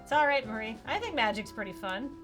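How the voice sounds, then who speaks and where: A woman's voice: fairly high pitch, animated, fast talker, music in the background, natural voice. A woman voicing an earnest young female apprentice magician, speaking sincerely and hopefully.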